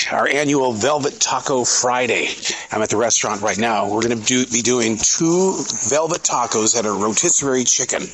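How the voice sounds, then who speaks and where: A man's voice: on the low side, a bit bright, a little hiss or hum. A middle-aged man hosting a casual podcast vlog, chatty and storytelling, laughing easily. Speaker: podcast host and customer service manager.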